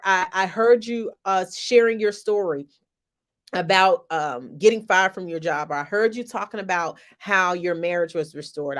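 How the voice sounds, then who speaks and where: Emphatic woman business coach. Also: mid-range voice. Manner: emphatic, preacherly repetition. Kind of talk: motivational live stream.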